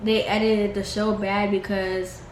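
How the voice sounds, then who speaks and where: A young woman casually recapping a reality show episode, chatty and full of "like", sometimes mimicking the cast in a higher voice. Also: flat delivery, measured pace. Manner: chatty, heavy use of "like", mimics cast members in higher pitch. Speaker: reality TV reviewer. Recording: echoey room with faint noise.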